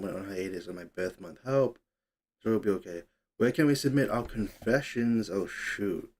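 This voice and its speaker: A man's voice: lowish voice, moderate pace, a little mellow. A young man hosting a casual livestream, chatting loosely, reading comments aloud and fumbling with his setup. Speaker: livestream host.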